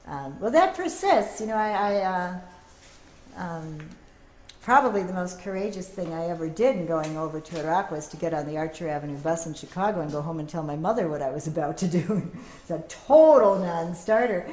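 A middle-aged woman giving a teach-in as an activist, telling lively anecdotes and acting out the voices of people she quotes. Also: on the low side, brisk. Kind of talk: public talk with storytelling. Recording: echoey room, faint background noise.

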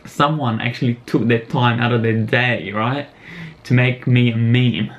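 Young man, casual reaction commentary, amused, slangy, laid-back, mid pitch. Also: fairly even intonation, unhurried, lo-fi sound, a little hiss or hum. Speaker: vlogger reacting to a video.

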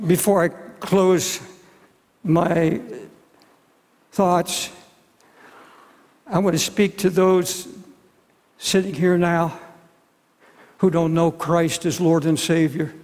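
A man's voice: a little high, little pitch movement, drawn-out words, pauses often, darkish tone. A man in his seventies preaching a sermon as pastor, earnest and pleading, often repeating his words. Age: 70s. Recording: long hall reverb.

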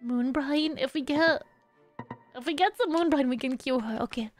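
Young woman, high voice, playful game streamer, hums scat tunes, chats with viewers. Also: normal speed, no room sound, soft background music. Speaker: VTuber streamer. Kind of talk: casual gameplay commentary.

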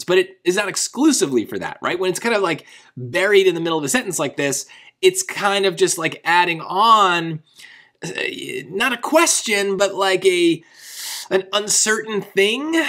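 High-voiced male tutor. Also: fairly bright tone. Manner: conversational, rephrases often, asks "right?" for agreement. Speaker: SAT tutor. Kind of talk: explaining a test question.

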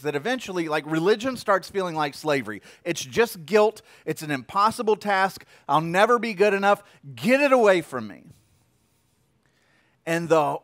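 A young adult man preaching a sermon in a conversational way, repeating phrases and swinging between loud and hushed. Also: a little high, no room sound, studio quality. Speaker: pastor.

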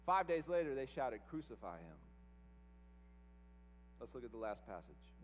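A man's voice: mid-range voice, expressive, brisk, in a large hall, slight background noise. A male pastor preaching a sermon with emphasis, firing rhetorical questions at the congregation. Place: church service.

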